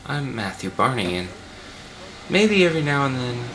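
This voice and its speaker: A man's voice: mid-range voice, big pitch swings, moderate pace, fairly bright tone, slight background noise. A man playing a queasy, pompous art-film director. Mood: rambling. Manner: rambling, self-important, panicky. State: unwell and dizzy. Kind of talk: improvised comedy commentary track.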